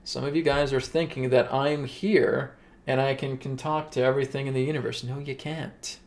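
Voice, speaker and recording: A man hosting a spiritual gathering, explaining breathing practice in quick, conversational talk with frequent check-ins to listeners. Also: mid-range voice, steady tone, gravelly. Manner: quick, conversational, keeps asking "right?". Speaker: spiritual teacher and host. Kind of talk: casual spiritual teaching.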